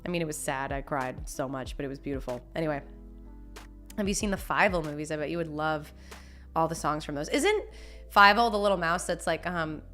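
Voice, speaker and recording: Bright-voiced woman chatting on a stream. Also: low-pitched, fairly quick, soft background music. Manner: chatty, laughs often, talks with fillers and restarts. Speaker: streamer reading chat. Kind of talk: casual live-stream chat. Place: home.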